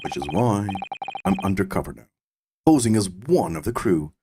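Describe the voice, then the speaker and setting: A man voicing a weary, bumbling middle-aged police inspector in a low, slow, mumbling voice, reading game dialogue aloud. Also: sing-song, background noise. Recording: game music behind.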